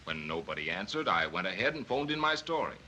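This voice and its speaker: A cocky young reporter answers everything with breezy, flippant banter. His voice is sharp and bright, and it swings up and down. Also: deep voice, big pitch swings, quick pace, a little hiss or hum, full character voice. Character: cocky, glib young male newspaper reporter. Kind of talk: 1930s film acting.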